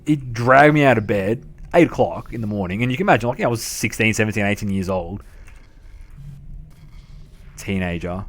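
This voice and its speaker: An Australian game streamer in his thirties tells casual stories in a matey, laughing way, swearing freely. His voice is on the low side and brisk, and he pauses often.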